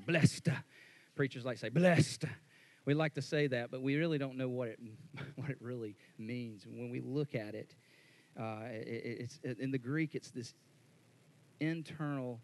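Male pastor, casual sermon delivery, mid-pitched voice, stumbles and restarts, builds in volume on key points. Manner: conversational, rises louder and higher when worked up; repeats words and restarts often.

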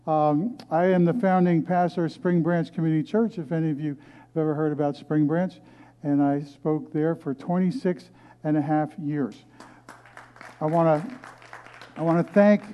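The older man preaching here is a guest pastor whose fairly high-pitched voice comes through lo-fi sound. Standing in a movie theater converted to a church, he recounts his own story as sermon testimony, earnest and narrative, with many restarts.

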